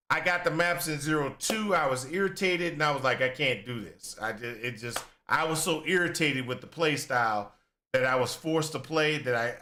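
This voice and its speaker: A man's voice: fairly high pitch, sharp tone. A man giving casual, rambling reaction commentary on a video game, venting in exasperation and acting out his own past complaints. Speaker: gaming content creator.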